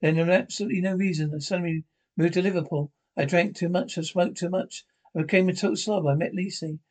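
An actor playing a smug, prissy space officer who rambles through a confession in a rapid, breathless rush. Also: male voice, sits high, fairly even intonation, a little mellow. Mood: giddy. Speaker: sitcom character. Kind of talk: broadcast sitcom acting.

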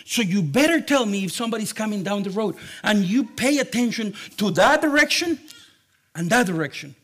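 A man voicing an excitable father in a children's story, with loud, flustered questions. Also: high-pitched, brisk. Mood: scheming.

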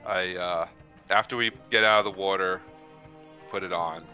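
A man's voice: deep voice, fairly even intonation, moderate pace, sharp tone, lo-fi sound, faint music behind. A man playing a tabletop game, chatting casually and laughing often. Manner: laughing, pleading. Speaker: player.

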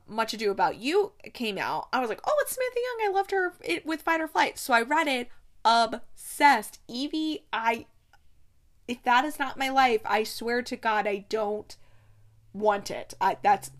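A young woman chatting casually about the books she read this month, gushing and excitable, rambling with restarts and laughs. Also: a little high. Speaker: book reviewer. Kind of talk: casual monthly wrap-up chat.

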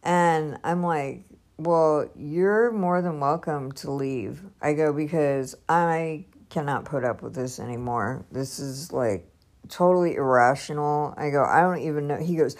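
A woman's voice: deep voice, animated, unhurried. A woman telling a story in a casual podcast monologue, acting out both sides of a conversation and laughing now and then. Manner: chatty, retells dialogue with lots of "I go" and "he's like", laughs often. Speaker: podcast host. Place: at home.

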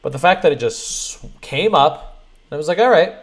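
A male streamer reacting to a clip and talking excitedly to his chat. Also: fairly high pitch, normal speed, creaky. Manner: excited, talks straight to chat.

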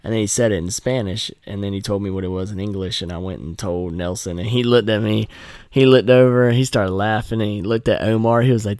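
A man's voice: lowish voice, steady tone, a little fast, a little mellow, clear, resonant tone, no room sound, clean studio sound. A man hosting a podcast, rambling and swearing in casual chat. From North Carolina. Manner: rambling, profane, joking. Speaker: podcast host.

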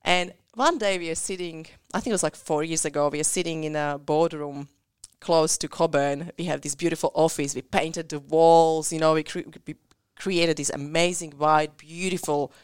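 This woman in her thirties speaks English with a Central European accent in a smooth, slightly low voice. She tells her story earnestly as a business coach, acting out what people said. The sound is close and dry. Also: fairly even intonation, normal speed, no room sound. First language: Central European language. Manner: earnest storytelling with acted-out quotes. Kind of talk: personal story in an interview.

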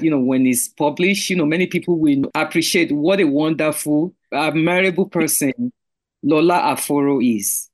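A woman hosting a podcast over a video call, effusive and full of praise for her guest. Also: low voice. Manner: warm, effusive. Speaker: podcast host. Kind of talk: casual chat on a video call.

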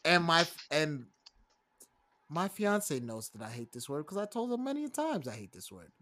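A young man co-hosts a casual podcast with playful, dramatic rants. His voice sits high and sounds bright, with lively pitch. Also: moderate pace. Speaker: podcast co-host. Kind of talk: casual chat.

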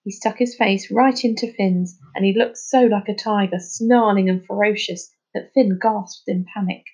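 A woman reading a children's novel aloud in a steady, expressive narrating voice. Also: medium pitch, moderate pace, husky, low-quality recording. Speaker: storybook reader.

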